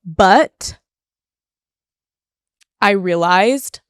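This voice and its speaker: A woman's voice: mid-range voice, lively intonation, drawn-out words, smooth, dry recording. A young woman hosting a solo podcast, talking in an emotional, confessional way and close to tears, recorded on a studio microphone. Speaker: podcast host. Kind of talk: personal solo podcast monologue.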